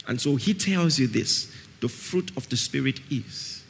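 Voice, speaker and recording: A man's voice: mid-range voice, expressive, unhurried, creaky, a little hiss or hum. A man with a Nigerian accent preaching a sermon at a camp meeting. He is emphatic, repeats key phrases and keeps asking his listeners whether they follow him.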